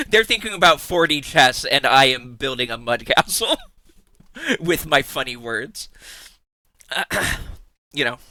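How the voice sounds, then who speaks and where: A man's voice: medium pitch, big pitch swings, slow pace, pauses often, pushed and bright, no room sound. A young man streaming live, chatting casually with his viewers, teasing them, swearing freely and laughing often.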